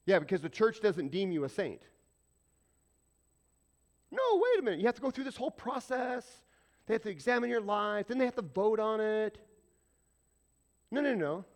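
A man preaching a sermon as pastor, animated and conversational, often putting questions to the congregation. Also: sits high, measured pace, long pauses.

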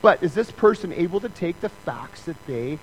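A man preaching in a church with a slightly raised pitch, his tone conversational and joking. He slips into other people's voices to act out little scenes. A faint hum runs behind him. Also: animated, moderate pace, rough recording. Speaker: pastor. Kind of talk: sermon.

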